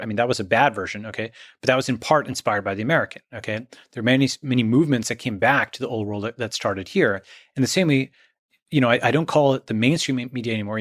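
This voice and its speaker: A man's voice: medium pitch, dry recording, studio quality. A man speaking as an interview guest, emphatic, often checking in with "okay?" and "right?". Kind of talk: conversational interview.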